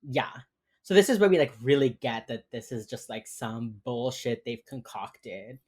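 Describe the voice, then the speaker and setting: A woman's voice: very deep voice, unhurried, a little mellow, breathy edge. A woman co-hosting a podcast, chattily retelling a TV episode with lots of fillers. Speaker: podcast co-host. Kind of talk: casual chat recapping a TV episode.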